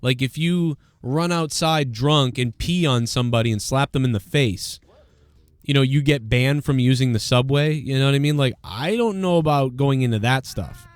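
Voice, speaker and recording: A man hosting a live question-and-answer stream, talking casually in a middle-pitched voice. He rambles and thinks aloud, leaning constantly on fillers. The recording is dry and close, with no room sound. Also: moderate pace, clean tone, no room sound. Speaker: livestream show host.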